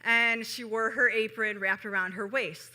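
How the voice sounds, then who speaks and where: Woman, Chicago-raised storyteller, live show, chatty asides to the audience, very bright sharp tone. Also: on the high side, fairly even intonation, moderate pace. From Chicago, USA.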